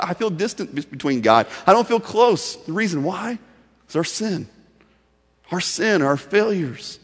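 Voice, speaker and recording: Preacher in a reverberant hall. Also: male voice, sits high. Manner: storytelling, swings from loud to soft and intimate. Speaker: pastor. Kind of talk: sermon.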